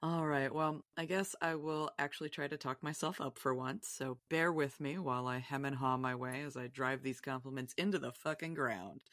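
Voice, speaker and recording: A woman's voice: very deep voice, steady tone, moderate pace, hardly any pauses, fairly bright tone, no room sound, studio quality. A woman guest on a podcast, chatting casually in a rambling, self-deprecating way and laughing often. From Virginia, US.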